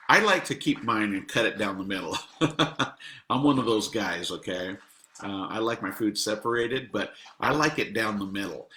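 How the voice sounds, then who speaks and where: A man's voice: on the low side, pushed and bright, roomy sound. A middle-aged man who owns a restaurant, chatting casually about the menu and cracking jokes at his own puns. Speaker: restaurant owner promoting the menu. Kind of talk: casual chat.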